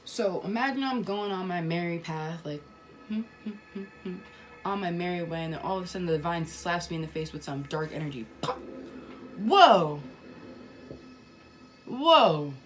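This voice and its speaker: A woman's voice: lowish voice, fast talker, few pauses, faint music behind. A woman talking casually about spirituality to her viewers, emphatic and repetitive, swearing now and then. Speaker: spiritual vlogger.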